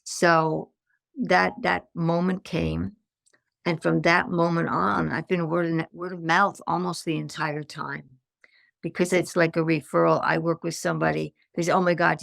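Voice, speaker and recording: An older woman tells her story as a podcast guest, slipping into the voices of the people she quotes. Her voice is low and heavily gravelly with lots of fry. The sound is close and dry, with no room around it. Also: moderate pace, dry recording. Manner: animated anecdotes with acted-out quotes. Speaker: guest, stress management consultant.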